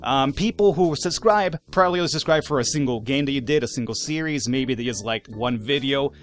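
A man giving casual, animated let's-play commentary, swearing, laughing and talking back to the game's characters. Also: medium pitch, fairly quick, faint music behind. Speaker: gaming YouTuber.

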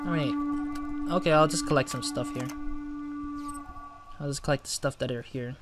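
A man's voice: medium pitch, fairly even intonation, brisk, pauses often, over loud music. A man hosting a gaming channel, giving casual let's-play commentary, chatty and flustered when he loses.

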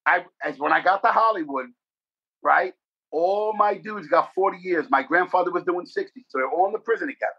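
A middle-aged man with a New York accent, from the Bronx, telling rapid, profane, animated stories in a casual interview. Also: high-pitched. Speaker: guest actor. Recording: dull lo-fi podcast audio.

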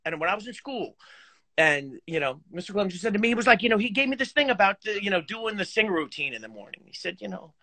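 A man on a video call chatting casually, animated and swearing, with lots of fillers. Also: high voice, fast, no echo. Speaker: guest horn player.

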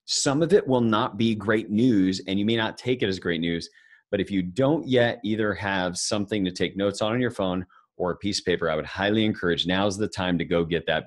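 A man giving a live financial seminar, talking conversationally and joking with the audience. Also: low voice. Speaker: financial speaker presenting to an audience.

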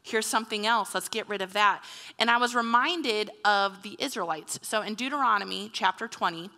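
A woman's voice: mid-range voice, moderate pace, bright, forceful tone. A woman pastor in her thirties preaching a conversational sermon in a church, often acting out the voices of the people she quotes. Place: church sanctuary. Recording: long hall reverb.

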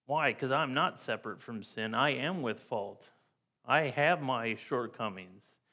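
A man delivering a church sermon in a voice of ordinary pitch. He sounds earnest and emphatic, reading scripture aloud and coming back to key words again and again for weight. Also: unhurried, pushed and bright. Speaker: pastor.

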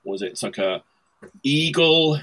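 A man's voice: a little high, lively intonation, moderate pace, sharp tone. A man hosting a casual video-call chat about punk records, rambling and enthusiastic with frequent laughs. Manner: laughs often, rambling and enthusiastic with many fillers. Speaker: host presenting vinyl record picks.

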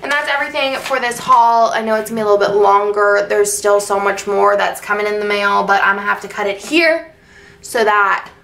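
A woman's voice: mid-range voice, steady tone, brisk, gravelly, a bit bright, roomy sound, distant mic, slight background noise. A young woman chatting casually through a sticker haul video, gushing and filling her talk with "like". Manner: gushing, chatty, lots of fillers. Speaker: planner sticker vlogger.

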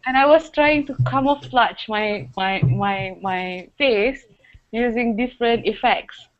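A woman's voice: fairly high pitch, takes it slowly. A woman hosting a casual online chat, switching between English and Japanese. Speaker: host. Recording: dull lo-fi sound.

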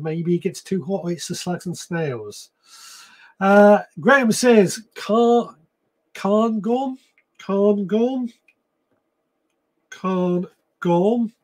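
A man's voice: high voice, animated, normal speed. A man hosting a live gardening stream, chatting casually and reading out viewer comments, with frequent ums and restarts. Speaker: podcast host.

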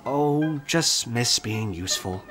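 A man voicing a small, gentle old male tram engine who speaks softly, wistful and apologetic. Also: mid-range voice, animated, slow, music in the background.

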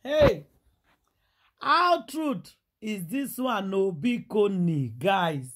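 A woman's voice: medium pitch, big pitch swings, slow pace, background noise. A Nigerian woman delivering dramatic celebrity gossip in Pidgin English, theatrical and full of exclamations and repetition.

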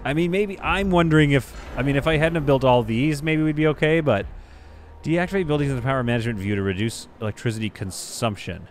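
A man commentating casually on a space building game, thinking aloud and reacting with excited exclamations. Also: medium pitch, quick pace, a little hiss or hum. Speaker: gameplay commentator. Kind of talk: casual let's-play commentary.

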